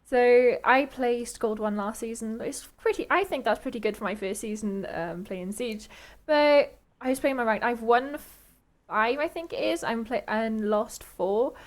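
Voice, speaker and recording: A young woman caster chatting casually between matches, giggling often and trailing off mid-thought. Her voice sits a little high for a woman. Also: unhurried. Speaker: esports caster.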